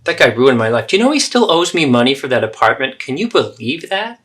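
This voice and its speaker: A man's voice: mid-range voice, big pitch swings, a little fast, a bit bright, pitched above the performer's own voice. A man acting out a defensive, self-absorbed middle-aged mother in a therapy role-play, anxious and dramatic. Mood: indignant.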